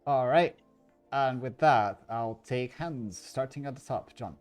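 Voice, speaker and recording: A man acting as storyteller for an online social deduction game, briskly answering rules questions and making announcements. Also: medium pitch, a little mellow, soft background music.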